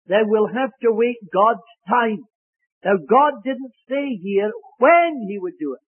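Preacher, male, high husky voice, deliberate, weighty emphasis, tinny dry phone-like recording. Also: dry recording. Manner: slow, emphatic delivery, stressing key words. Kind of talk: sermon.

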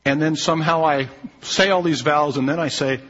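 A man preaching a sermon in a somewhat high, husky voice, stressing his points and checking in with his listeners. The sound is muffled, with a long reverb from a large church hall. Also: normal speed, a bit bright. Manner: emphatic preaching with frequent "okay?" check-ins. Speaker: pastor.

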